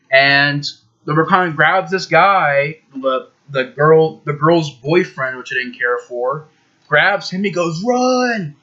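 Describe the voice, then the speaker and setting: A man's voice: fairly high pitch, pushed and bright, dull audio. A man giving a casual, rambling movie review, emphatic and full of fillers.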